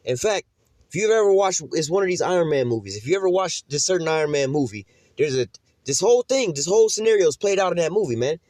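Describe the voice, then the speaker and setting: Man, informal preacher, quick talker, profane, conversational, dry close sound. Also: a little high, animated, darkish tone, no room sound. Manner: profane, conversational, keeps asking "you know?". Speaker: religious teacher.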